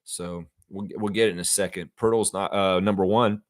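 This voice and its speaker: A man's voice: deep voice, steady tone, normal speed, no echo, clean studio sound. A man hosting a live-streamed fan trivia show, chatting casually with viewers, calling them y'all and using frequent fillers. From Canada. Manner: chatty, addresses chat as y'all, many fillers.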